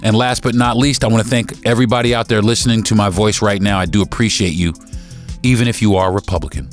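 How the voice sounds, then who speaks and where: A man's voice: on the low side, fairly even intonation, fast, soft background music. A man hosting his own podcast, delivering a heated opinion monologue straight to his listeners. He repeats words and restarts sentences as he gets worked up. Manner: addresses listeners directly as folks. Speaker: podcast host.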